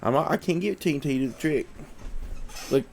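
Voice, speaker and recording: A man's voice: fairly high pitch, quick pace, creaky, a little mellow, slight background noise. A man hosting a casual livestream, sniffly from allergies, chatting in an easygoing way and coaxing his dog to do tricks. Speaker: livestream host.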